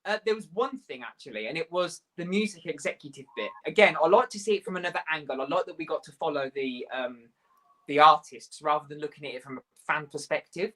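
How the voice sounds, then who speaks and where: A man's voice: fairly high pitch, quick pace, sharp tone, rough recording. A man guest in a casual chat, talking with enthusiasm and acting out little quoted asides as he makes his points. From Europe. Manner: enthusiastic, talks through ideas with quoted asides.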